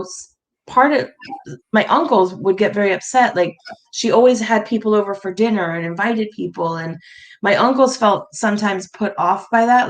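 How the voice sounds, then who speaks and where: A woman's voice: mid-range voice, poor audio. A woman being interviewed, chatting and telling family stories with frequent laughter. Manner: warm storytelling, laughs often. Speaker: guest. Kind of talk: casual interview conversation.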